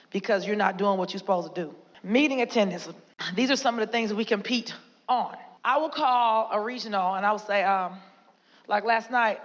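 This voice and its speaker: A woman's voice: mid-range voice, dull audio. A woman sales leader giving a blunt, emphatic motivational talk to a live audience in a conference hall. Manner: blunt, emphatic, drill-sergeant pushing. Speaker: sales team leader speaking to her agents.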